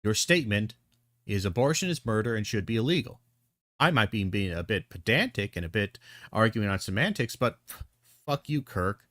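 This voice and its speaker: A man's voice: lowish voice, animated, normal speed, fairly bright tone, no room sound, clean studio sound. Sarcastic, profane male reviewer. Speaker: video reviewer. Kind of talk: reaction commentary.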